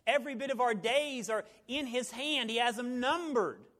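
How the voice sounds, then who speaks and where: High-voiced preaching pastor. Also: male voice, normal speed. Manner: animated preaching that drops to near-whispers; folksy, joking asides. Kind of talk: sermon. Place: church sanctuary, evening service.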